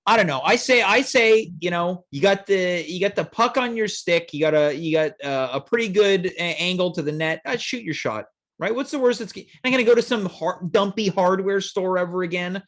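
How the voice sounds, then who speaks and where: A man hosting a comedic chat show, teasing his guest with deadpan jokes and mock-earnest advice. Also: high voice, normal speed. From Canada. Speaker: host.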